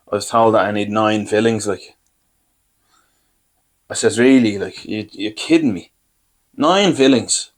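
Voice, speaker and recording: An Irish man hosting a podcast, telling rambling, self-deprecating comic anecdotes and acting out what people said to him. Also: on the low side. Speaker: podcast host. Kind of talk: comic storytelling.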